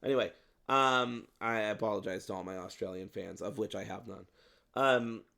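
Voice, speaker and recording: A man's voice: on the low side, moderate pace, creaky, bright, forceful tone. A man co-hosting a casual movie review chat, rambling with lots of ums and some playful swearing. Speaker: podcast co-host.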